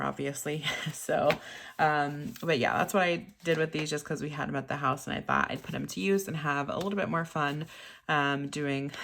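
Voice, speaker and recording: A young woman chatting casually to camera at her home desk, laughing often and filling pauses with ums. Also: deep voice, vocal fry, fairly bright tone, slight background noise. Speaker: budgeting vlogger. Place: home desk in craft room.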